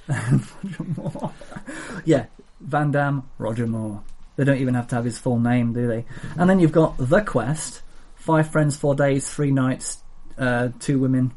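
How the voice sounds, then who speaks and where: A man's voice: mid-range voice, measured pace, darkish tone. A man co-hosting a casual film chat podcast, talking in a rambling, playful way with many fillers. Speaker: podcast co-host.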